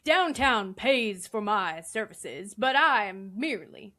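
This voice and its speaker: A woman narrating as game master in a tabletop game, relaxed with lots of fillers. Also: mid-range voice, takes it slowly.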